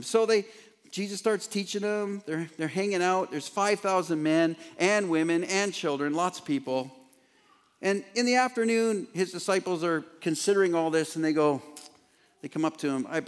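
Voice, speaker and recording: A man preaching a sermon as pastor in an animated way, with joking asides and laughs at himself. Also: high voice, moderate pace. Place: large church hall, former theater. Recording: echoey hall.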